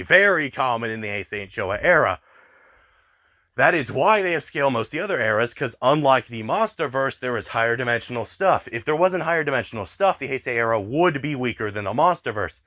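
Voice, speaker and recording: A young male commentary YouTuber rants in exasperation, swearing often and stuffing his speech with "like." His voice sits in the mid-range and sounds a bit bright.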